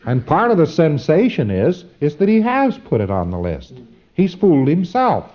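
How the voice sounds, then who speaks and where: A man's voice: a little high, huge pitch swings, moderate pace. Man lecturing casually, folksy and emphatic, lots of uh's and asides, muffled lo-fi tape. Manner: folksy, emphatic, digressive with frequent asides and fillers. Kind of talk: informal instructional lecture. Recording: dull lo-fi recording.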